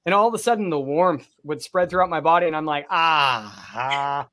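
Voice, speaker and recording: A podcast co-host, a man whose voice sits a little higher than most. He tells a personal story casually, with plenty of swearing and colorful detail. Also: fast talker. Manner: profane, vivid, animated storytelling.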